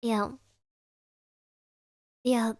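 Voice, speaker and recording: A woman's voice: on the high side, flat delivery, very slow, darkish tone, dry recording, studio quality. A young woman streaming from home, giggling and rambling as she chats casually with her live chat and reads their messages aloud.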